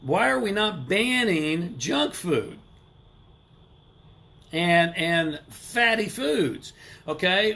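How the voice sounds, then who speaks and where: A man's voice: fairly high pitch, bright, forceful tone. A middle-aged man hosting a motivational livestream, talking emphatically, asking rhetorical questions and greeting viewers by name. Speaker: livestream host. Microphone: live stream camera mic.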